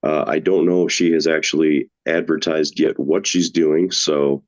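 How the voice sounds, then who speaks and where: A man's voice: very deep voice, steady tone, moderate pace, a little mellow. A man hosting a paranormal podcast, joking around loosely and rambling with fillers. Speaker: podcast host. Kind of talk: casual podcast chat. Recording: dull lo-fi sound.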